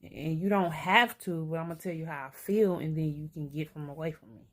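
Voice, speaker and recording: Low-voiced grandma vlogging, blunt and cussing, talking to herself out loud. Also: female voice, brisk. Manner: blunt, streetwise, talks to herself aloud; swears freely. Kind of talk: candid self-reflective monologue.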